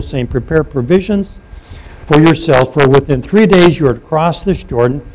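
Guy preaching, kinda high voice, reads verses then asks the crowd stuff, faint hiss behind. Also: rough recording. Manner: reads scripture aloud and comments, asks the congregation questions. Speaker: pastor. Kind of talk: sermon.

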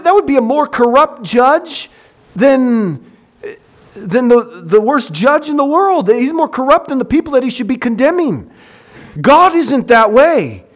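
A man preaching a sermon with passion, acting out short dialogues and swinging from loud to soft. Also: sits high.

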